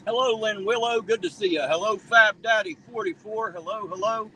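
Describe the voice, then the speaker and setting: A man's voice: high voice, moderate pace, sharp tone. A man hosting a casual live stream outdoors at night, chatting and joking as he greets viewers by name. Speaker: livestream host reading viewer chat. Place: outdoors on a town street at night after rain. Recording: slightly distant mic, faint street noise.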